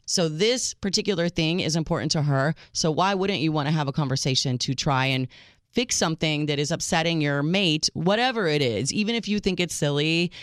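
Woman, general American accent, radio co-host, opinionated, blunt, smooth voice, dry close sound. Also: sits low, a little fast, dry recording. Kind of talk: radio call-in talk.

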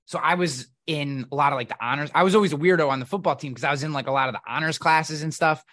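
Bright, blunt, profane man telling stories. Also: on the high side, fast. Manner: blunt, profane, animated storyteller. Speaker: podcast guest. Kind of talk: casual conversation.

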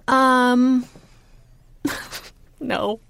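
A woman's voice: on the high side, steady tone, extremely slow, gravelly, fairly bright tone, clear, resonant tone. A woman born in Uzbekistan and raised in the US, chatting loosely and laughing often as a comedy-writer guest in a recording booth. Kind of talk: casual podcast chat.

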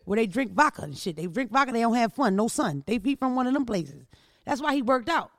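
Brash, gravelly-voiced woman podcast host. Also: a little high, big pitch swings, brisk, no echo. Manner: brash, profane storytelling with rising outbursts. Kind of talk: casual comedic monologue.

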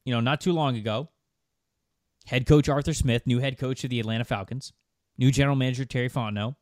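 A man's voice: mid-range voice, steady tone, brisk, darkish tone, no room sound, studio quality. A man co-hosting a casual sports podcast, making emphatic points and firing rhetorical questions. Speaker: podcast co-host.

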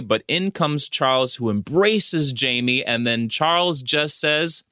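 A man's voice: a little high, unhurried, hardly any pauses, pushed and bright, clear, resonant tone, no room sound, studio quality. A man co-hosting a podcast, recapping an old film in casual chat, swearing and acting out its lines. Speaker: podcast co-host.

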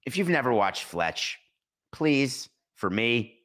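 A man hosting a sports talk show, telling stories in a playful, animated way with sudden jumps in pitch. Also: slow pace. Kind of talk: casual podcast monologue.

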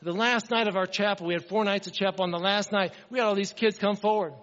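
A man's voice: high-pitched, steady tone, fast talker, fairly bright tone, big-room sound, lo-fi sound. A man preaching a sermon in an earnest, conversational way, often asking the congregation questions. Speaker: pastor.

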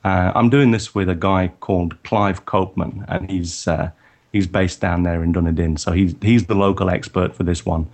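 Low-voiced man rambling about workshops. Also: steady tone, moderate pace, darkish tone. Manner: rambling, many restarts and fillers. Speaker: photography workshop leader, guest. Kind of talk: casual podcast chat.

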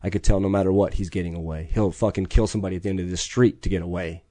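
A man's voice: sits low, steady tone, rapid-fire, dark tone, no room sound. A middle-aged man, telling a story in conversation with intense, profane urgency. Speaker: podcast guest.

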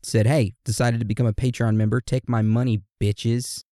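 A man co-hosting a podcast in casual chat, playfully reading out listener messages and birthday shout-outs. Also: medium pitch, level tone, moderate pace, no room sound, clean studio sound. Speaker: podcast co-host.

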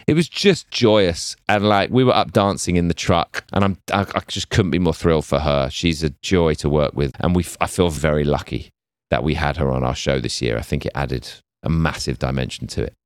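A middle-aged man, an executive producer telling lively behind-the-scenes stories in an interview. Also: very deep voice, fairly quick, dry recording, clean studio sound. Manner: lively storyteller acting out quoted voices. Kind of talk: animated anecdotal interview.

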